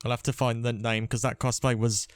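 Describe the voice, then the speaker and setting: A man's voice: medium pitch, level tone, brisk, clean tone, no echo. A man hosting a casual gaming podcast, chatting and rambling with restarts. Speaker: podcast host. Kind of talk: casual chat.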